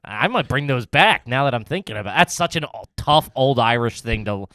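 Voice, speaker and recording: A man's voice: medium pitch, animated, fairly quick, a bit bright, no echo, studio quality. A man in his thirties hosting a podcast, rambling through casual chat with lots of fillers and laughs. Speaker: podcast host.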